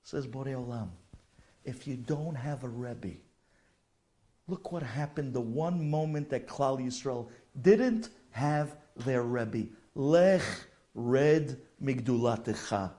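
A man telling an emotional personal story in a halting way, dropping to whispers and mixing in Yiddish and Hebrew terms. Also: medium pitch, dark tone.

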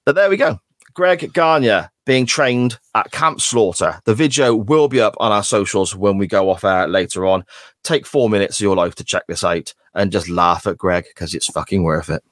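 A man's voice: lowish voice, animated, normal speed, fairly bright tone, no room sound. A man co-hosting a wrestling podcast, recapping a clip in a sarcastic, sweary, casual way. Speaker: podcast co-host. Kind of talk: casual chat.

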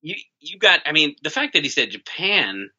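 A very bright, piercing voice with a sarcastic, blunt edge, from a co-host raised in New Jersey. The talk is loose and profane, and the recording sounds a little dull and lo-fi. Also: medium pitch, big pitch swings, moderate pace, slightly rough. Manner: sarcastic, blunt, swears freely. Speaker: podcast co-host. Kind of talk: casual comedy podcast chat.

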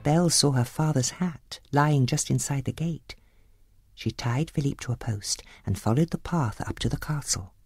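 Woman storyteller, low voice, lively, expressive read-aloud, faint background music. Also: moderate pace, breathy edge, no echo. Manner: expressive, animated.

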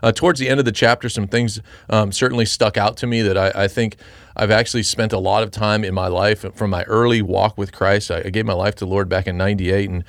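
A middle-aged man with a halting, earnest way of talking, sharing thoughts on a Bible chapter in a casual discussion. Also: on the low side, steady tone, no room sound, studio quality. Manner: earnest, halting, with many restarts and fillers. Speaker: podcast co-host and Christian father.

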